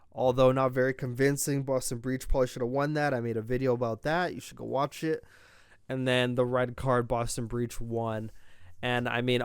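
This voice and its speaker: A man's voice: medium pitch, smooth, no echo, studio quality. A young man hosting a podcast, giving casual, opinionated esports commentary and rambling through restarts as he talks his thoughts out. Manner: rambling, opinionated, self-interrupting. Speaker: podcast host.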